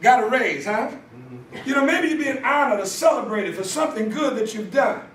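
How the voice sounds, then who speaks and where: A man telling a story as a conference speaker, sermon style, animated and often shouting for emphasis. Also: very high-pitched, moderate pace, a little hiss or hum. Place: church conference hall. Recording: echoey hall from far off.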